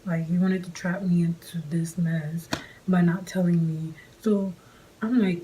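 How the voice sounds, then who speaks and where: A woman telling a personal story casually for a vlog, in an animated, slangy way, her pitch jumping up on quoted lines. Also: measured pace, a little hiss or hum, rough recording.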